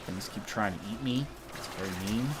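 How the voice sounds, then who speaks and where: A man's voice: lowish voice, moderate pace, heavy background noise. A man live streaming a game, rambling and joking to himself and his viewers in casual chatter. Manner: rambling, joking, self-mocking.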